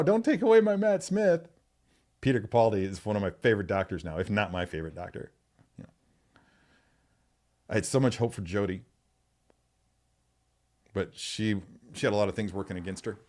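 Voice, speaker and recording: A man's voice: sits low, steady tone, brisk, pauses often, a little mellow. A middle-aged man hosting a live stream, chatting casually, rambling and answering viewers' comments.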